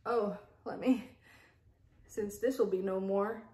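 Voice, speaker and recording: A woman's voice: medium pitch, fairly even intonation, slow pace, warm tone. Woman, vlogger, casual rambling chat, asides and laughs, home table, echoey room. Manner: chatty, self-interrupting, frequent asides and laughs. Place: home kitchen table with pets around.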